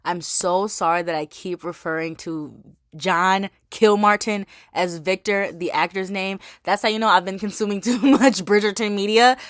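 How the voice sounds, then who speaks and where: A woman's voice: mid-range voice, steady tone, moderate pace, a bit bright, no echo, studio quality. A young woman giving a casual voice-over aside, chatty and apologetic, laughing as she explains. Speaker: vlogger.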